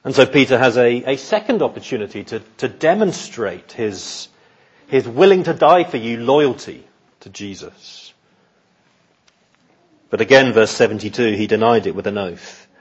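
A man preaching an expository sermon in an earnest, measured way, often repeating words as he thinks. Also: mid-range voice, animated, breathy edge, dull audio.

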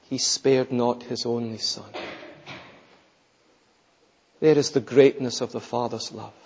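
Male preacher, slow, deliberate delivery, slightly raised pitch; fervent emphatic sermon, dull old recording in a reverberant church. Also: darkish tone, breathy edge. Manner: emphatic, rising to fervent peaks then dropping low. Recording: dull lo-fi sound in a reverberant hall.

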